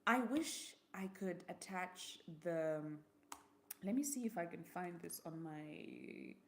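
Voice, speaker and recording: A woman's voice: lowish voice, animated, slow pace, gravelly. A young woman, telling a personal story in a live vlog, slipping into Shona words as she goes. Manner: vivid storyteller, slips into Shona. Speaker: vlogger and host.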